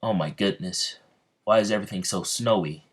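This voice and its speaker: A man's voice: lowish voice, moderate pace, natural voice. A man voicing a panicky young male anime hero who fires off frantic questions. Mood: alarmed.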